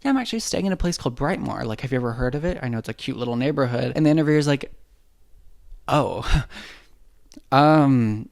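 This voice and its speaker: A man recapping a horror movie for laughs, his voice gravelly with a creaky edge. He riffs in loose slang and jumps into quick bits where he speaks as the characters. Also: medium pitch, animated, a little mellow. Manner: irreverent, joking, slangy, acts out characters' lines.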